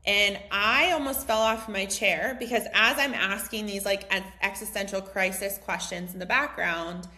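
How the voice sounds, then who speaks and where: A woman's voice: mid-range voice, moderate pace, hardly any pauses. A woman in her thirties from the United States, a mindset coach telling a personal story in a casual, chatty way, full of "like" and "um". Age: 30s. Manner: chatty, heavy use of "like" and "um", animated retelling. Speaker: mindset coach hosting a group session.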